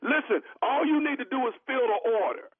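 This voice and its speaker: A man's voice: very high voice, expressive, fast talker, husky, dry recording. A man doing a prank phone call as a radio host, pushy and streetwise, with casual slang. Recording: tinny phone line.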